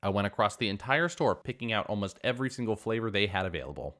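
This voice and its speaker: A man narrates online stories in a fairly low voice that swings widely up and down. His reading is animated and expressive, as he leans into the punchlines. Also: fast talker, hardly any pauses. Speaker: story narrator.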